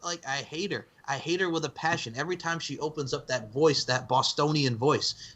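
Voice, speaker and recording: A man co-hosting a casual wrestling podcast, animated and slangy, laughing and swearing as he talks. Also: fairly high pitch, a little fast, hardly any pauses. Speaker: podcast co-host. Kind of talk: casual chat.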